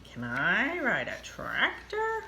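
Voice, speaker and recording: A woman voicing an adventurous male duck from a children's storybook, in an excited, playful voice. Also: mid-range voice, takes it slowly, gravelly, slight background noise, exaggerated voice. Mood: wondering.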